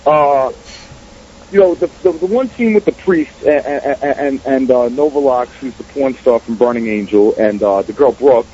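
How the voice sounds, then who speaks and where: A man's voice: medium pitch, moderate pace, dark tone, a little hiss or hum. A man with a New York-area accent telling stories as a filmmaker guest in a casual interview, profane and streetwise. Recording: dull radio audio.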